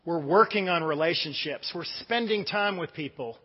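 A man's voice: fairly high pitch, moderate pace, in a large hall, lo-fi sound. A middle-aged American man preaching a casual sermon, telling stories in a chatty way with many fillers and restarts. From United States. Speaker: pastor.

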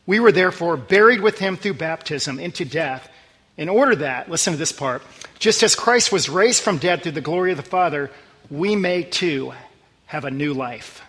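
A man preaching a sermon as pastor, talking conversationally and earnestly, dropping low and quiet on scripture verses. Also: expressive, moderate pace, big-room sound.

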